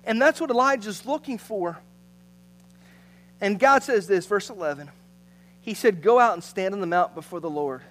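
High-voiced pastor preaching with swells. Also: male voice, animated, moderate pace, long pauses, low-quality recording. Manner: builds to loud emphasis, then drops to a hushed near-whisper. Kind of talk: sermon.

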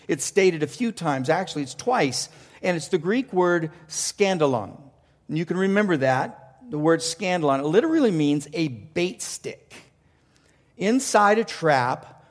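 A male pastor preaching a passionate sermon, asking rhetorical questions and often restarting his sentences. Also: high-pitched. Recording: long reverb of a large hall.

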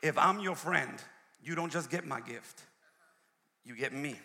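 Gravelly, bright-voiced preacher in a big hall. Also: male voice, fairly high pitch, unhurried, a little hiss or hum. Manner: emphatic call-and-response preaching, repeats phrases. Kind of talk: sermon. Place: church sanctuary. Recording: long hall reverb.

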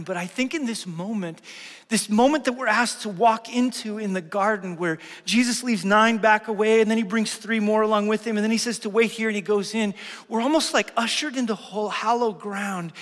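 Earnest high-voiced male pastor preaching. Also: long reverb tail. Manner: earnest storytelling, swings from loud to hushed. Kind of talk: sermon.

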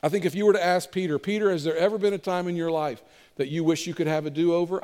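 A man preaching a sermon as pastor, moving between emphatic delivery and hushed, intimate appeals to the congregation. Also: fairly high pitch, steady tone, fast, hardly any pauses. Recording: long hall reverb.

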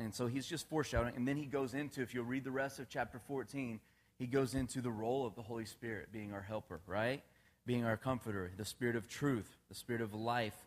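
A man preaching a relaxed, conversational sermon, often checking in with his listeners and laughing at his own jokes. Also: medium pitch. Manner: casual, asks the congregation questions, laughs at his own jokes.

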